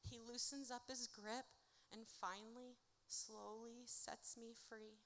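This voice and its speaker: Woman reading her poems on stage, sharp voice, goes from hushed to loud, long reverb from the hall. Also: a little high, level tone, slow. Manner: dramatic, rhythmic delivery swinging from hushed to loud. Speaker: author reading her own work. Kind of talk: live spoken-word poetry reading. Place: indoor music venue at a live event. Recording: reverberant live venue recording.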